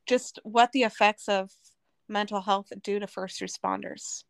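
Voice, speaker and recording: A woman's voice: medium pitch, steady tone, measured pace, vocal fry, no room sound. A woman from Arizona, a podcast guest, telling her personal testimony in an earnest, emotional way.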